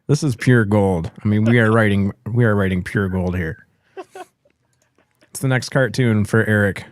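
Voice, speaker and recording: A man's voice: lowish voice, normal speed, no echo, clean studio sound. A man hosting a casual podcast, joking around and reading chat comments aloud. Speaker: host.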